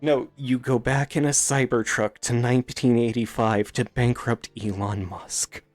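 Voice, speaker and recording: A man streaming a reaction, swearing and swinging from loud outbursts to low mutters. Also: steady tone, a little slow. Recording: faint background music.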